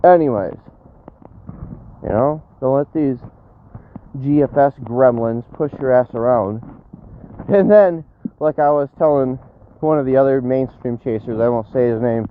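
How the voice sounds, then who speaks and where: This live-streaming storm chaser speaks at a measured pace with a medium pitch, pausing often. He's casual, brash and slangy, swearing without restraint, and his phone recording sounds tinny with a little noise.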